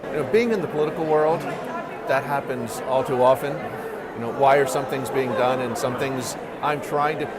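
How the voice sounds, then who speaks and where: A man's voice: medium pitch, moderate pace, a crowd in the background, noisy background. A man talking in an exasperated way about frustration in his working life. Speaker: interviewee. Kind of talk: casual talk.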